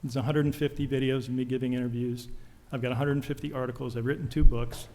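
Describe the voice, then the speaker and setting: A man's voice: medium pitch, little pitch movement, fast talker, dark tone, slight background noise. A man testifying at a legislative hearing, intense and accusatory, firing off medical jargon. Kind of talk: public testimony. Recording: long hall reverb.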